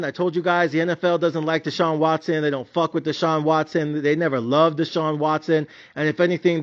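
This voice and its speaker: A man's voice: fairly high pitch, lo-fi sound. A man giving a blunt, profane, slangy rant reviewing his sports bets. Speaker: sports betting commentator.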